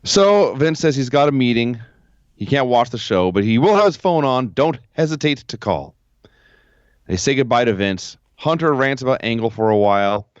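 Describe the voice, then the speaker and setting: A man's voice: medium pitch, animated, moderate pace, smooth, no room sound, dull audio. A man co-hosting a podcast, recapping old shows in a dry play-by-play way from home over a remote call. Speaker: podcast co-host. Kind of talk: casual recap chat.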